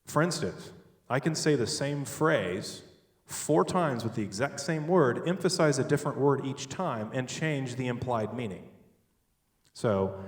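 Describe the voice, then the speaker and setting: A man giving a sermon-style talk on logic, animated and joking, with sudden loud stresses. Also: medium pitch, distant mic. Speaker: speaker at a church. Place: large church hall. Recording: echoey hall, picked up from afar.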